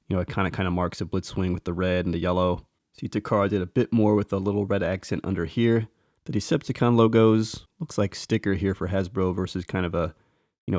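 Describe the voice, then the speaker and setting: A man casually talking through a toy figure as a reviewer, relaxed and enthusiastic, thinking aloud as he points out details. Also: deep voice, dry recording, studio quality. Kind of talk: casual show-and-tell commentary.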